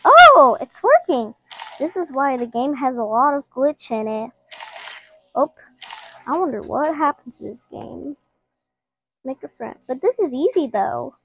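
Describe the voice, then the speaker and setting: A woman's voice: high-pitched, a little mellow, a little hiss or hum. A woman giving casual, playful gameplay commentary, chatting to her viewers as she plays. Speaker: gaming channel host.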